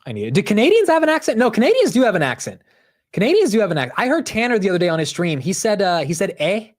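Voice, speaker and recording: On his stock market livestream, a young man with a high voice races through his words. His talk is casual, rambling, and animated, peppered heavily with "bro" and "dude."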